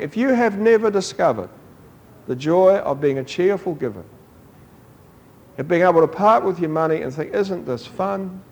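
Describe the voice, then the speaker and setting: Guy preaching, pretty high voice, tells stories and does the voices. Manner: animated storytelling, acting out quoted voices with rising pitch. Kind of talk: sermon.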